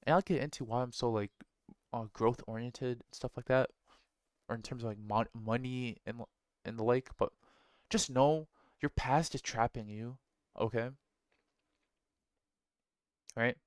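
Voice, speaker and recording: A man's voice: mid-range voice, unhurried, pauses often, clean tone, dry recording. A man giving a blunt, profane motivational talk, full of slang and rhetorical "right?"s. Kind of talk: casual motivational monologue.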